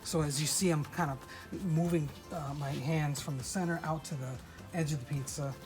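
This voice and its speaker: A presenter giving a relaxed outdoor cooking demonstration at a pizza oven, often pausing with "uh" and restarting phrases. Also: medium pitch, rough recording. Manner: relaxed, many "uh" fillers and restarts. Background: loud background music.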